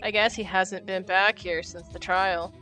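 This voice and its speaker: A woman voicing an earnest young male defense lawyer in a fan voice-acting of a game, talking slowly and thoughtfully. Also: medium pitch, steady tone, music in the background, voice pushed down, close to an everyday voice. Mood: curious.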